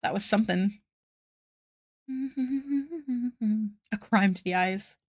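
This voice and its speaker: A woman's voice: medium pitch, level tone, brisk, no echo, clean studio sound. A woman art streamer chatting casually with viewers while drawing, giggling often and thanking them effusively.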